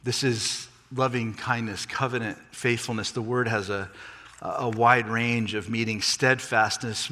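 A man preaching a sermon, animated, rising and falling in pitch and volume for emphasis. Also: in a large hall. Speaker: pastor.

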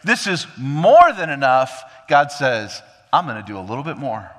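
A man preaching an expository sermon, swinging from emphatic high peaks to low, quiet drops and acting out quoted dialogue. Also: very animated, normal speed, long reverb tail. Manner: acts out quoted dialogue of God and king. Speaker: pastor.

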